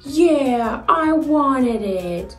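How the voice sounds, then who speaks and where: A woman voicing a sulky, whiny little male fox toy in a children's video, whining childishly in a slow, echoey room with faint music. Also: high voice, lively intonation, far from the mic, heavily acted.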